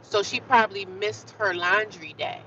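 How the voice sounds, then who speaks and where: Animated woman venting, bright voice. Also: mid-range voice, normal speed, far from the mic, lo-fi sound, slight background noise. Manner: animated, repetitive storytelling. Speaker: vlogger. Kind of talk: casual livestream venting.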